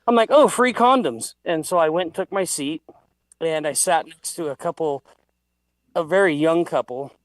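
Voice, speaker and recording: A man's voice: a little high, normal speed, no room sound. A man telling a heated, profane story in a casual livestream chat. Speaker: guest.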